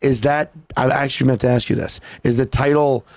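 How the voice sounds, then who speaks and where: A man's voice: mid-range voice, fairly even intonation, a little fast, vocal fry, darkish tone, dry recording. A man from Louisiana hosting a podcast, chatting loosely and joking with plenty of swearing. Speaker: podcast host. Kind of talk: casual podcast chat.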